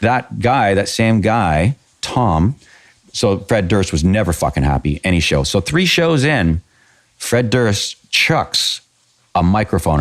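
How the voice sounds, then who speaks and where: Canadian guy, middle-aged, lowish voice, swears a lot telling road stories. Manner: blunt, profane, animated anecdotes. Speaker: podcast guest. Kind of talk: casual storytelling.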